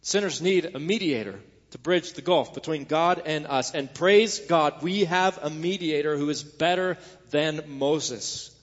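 A man's voice: fairly high pitch, a little slow, hardly any pauses, long reverb tail, lo-fi sound. A male pastor preaching a sermon, earnest and rising to emphatic peaks.

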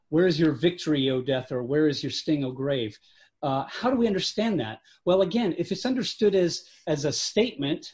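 A man with a fairly high voice gives a relaxed Bible lesson, pausing and restarting as he works through verses and reads them aloud. The recording is dull and lo-fi. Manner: thinking aloud, reading verses aloud, frequent restarts. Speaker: Bible teacher. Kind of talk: informal Bible lecture.

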